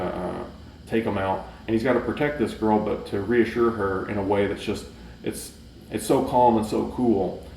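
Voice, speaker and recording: A man with a fairly low-pitched, darkish voice casually reviews a movie for his channel, rambling with many fillers and restarts. The distant mic gives a roomy echo, with a little hiss or hum.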